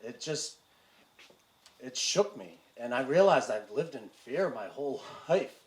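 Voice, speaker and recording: A man telling his personal recovery story to a live audience, halting and candid, with wry humor and frequent fillers. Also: mid-range voice, expressive. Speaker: speaker sharing a recovery story. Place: community event hall with audience. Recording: roomy hall with faint room noise.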